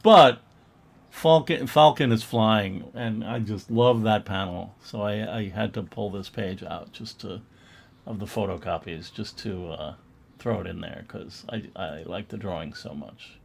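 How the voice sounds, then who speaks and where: Gravelly man in casual comic chat. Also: lowish voice, measured pace, slight background noise. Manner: chatty, laughing, reads captions in mock voices. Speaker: museum co-host. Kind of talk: casual comic-book show-and-tell chat.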